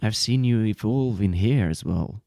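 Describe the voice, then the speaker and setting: A man's voice: fairly low pitch, a little slow, creaky, dark tone, no echo. A man performing in an improvised comedy sketch, dry and mock-dismissive.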